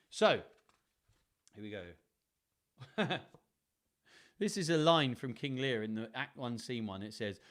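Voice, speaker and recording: Lively, chatty man reading stories. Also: mid-range voice. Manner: chatty, playful, tries out accents. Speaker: host reading stories on a live stream. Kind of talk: casual storytelling and chat.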